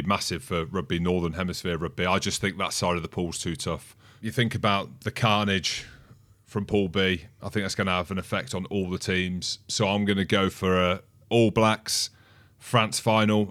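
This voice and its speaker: Low-voiced man musing through sports talk. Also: steady tone, moderate pace, a bit bright. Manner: thoughtful, talks through ideas aloud. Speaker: podcast co-host. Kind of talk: casual sports chat.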